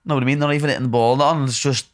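A man's voice: medium pitch, steady tone, racing. Give me a man with a Scouse accent, playful and slangy, hosting a casual podcast chat. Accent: Liverpool Scouse. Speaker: podcast host.

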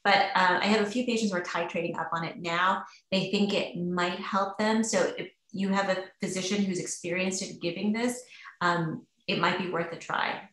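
A woman's voice: lowish voice, fairly even intonation, moderate pace, a bit bright. A woman physician answering webinar questions in a casual, chatty way with many fillers. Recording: roomy echo.

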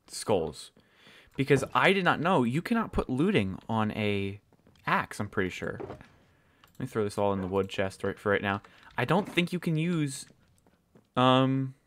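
A man's voice: medium pitch, fairly bright tone. A man giving casual, rambling commentary while playing a building game, swearing often and losing his train of thought. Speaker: gaming channel host.

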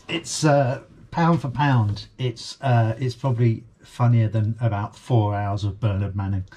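Man from Essex, slow unhurried talk, husky low voice, rambling review with chuckles. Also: dark tone. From Essex, England. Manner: rambling, chuckling, many fillers. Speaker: reaction video host. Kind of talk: casual spoken review.

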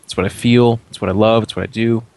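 A man's voice: on the low side, steady tone, quick pace, vocal fry, darkish tone. A man voicing a fussy male boatman who stammers, rambles and stays overly polite. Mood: flattered.

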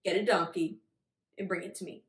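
A woman's voice: on the low side, fairly even intonation, brisk, pitched below the performer's own voice, close to an everyday voice. A woman voicing Jesus as a breezy, casual young man in a kids' Bible story, in an echoey room. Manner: breezy, chummy talk.

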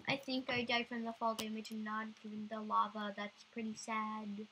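A woman's voice: medium pitch, a little slow, pushed and bright, a little hiss or hum, rough recording. A woman doing goofy let's-play commentary, bursting into sudden squeals. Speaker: gamer.

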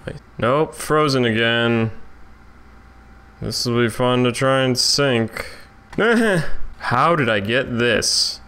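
Bright-voiced young man gaming. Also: mid-range voice, takes it slowly, pauses often, clean tone. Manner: excitable, swearing, self-mocking. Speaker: gamer. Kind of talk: let's play commentary.

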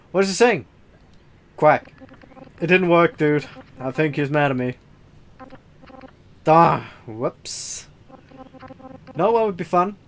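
Slow, slightly high man reading game dialogue. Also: expressive, soft background music. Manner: halting reading with fillers and laughs. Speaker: game let's player reading and voicing characters. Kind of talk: casual let's-play dialogue reading.

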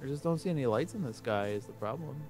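A man's voice: medium pitch, animated, quick pace, darkish tone, soft background music. A man streaming a video game, chatting casually and joking about voices and accents as he plays. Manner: chatty and joking, often laughing. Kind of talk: casual gameplay commentary. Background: faint game soundtrack.

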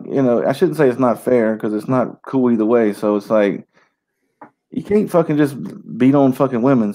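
A male co-host riffing in casual, crude banter, swearing constantly and jumping around in pitch as he rants. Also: dark tone.

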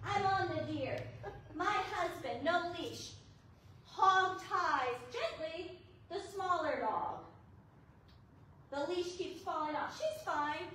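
A woman associate pastor telling a lively, laughing story in a sermon. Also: very high-pitched, slow pace, long pauses. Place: church fellowship hall. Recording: echoey hall, mic at a distance, audible noise.

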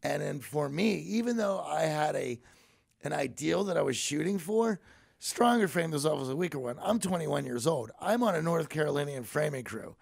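A man's voice: fairly high pitch, animated, normal speed, vocal fry. A man in his forties from Pittsburgh, a podcast guest telling earnest, reflective stories about himself in a conversational way. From Pittsburgh, USA. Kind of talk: conversational storytelling.

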